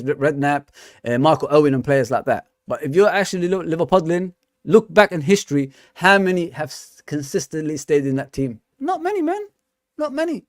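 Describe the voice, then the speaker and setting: A man's voice: a little high, dry recording, studio quality. Ranting man, fan stream host. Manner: ranting, repeats "man" and "come on". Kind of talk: casual live-stream football talk.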